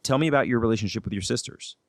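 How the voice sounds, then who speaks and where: A man hosting a podcast interview, reflective and measured, drawing out the words he wants to stress. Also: mid-range voice, dry recording, clean studio sound. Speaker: podcast host.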